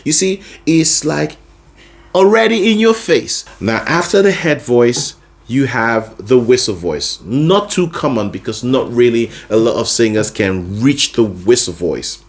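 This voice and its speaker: A man's voice: medium pitch, lively intonation, unhurried. A man teaching a singing lesson, explaining vocal registers patiently and often checking that the listener is following. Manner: explains patiently, often checking in with "you see what I'm saying?". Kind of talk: vocal lesson with sung demonstrations.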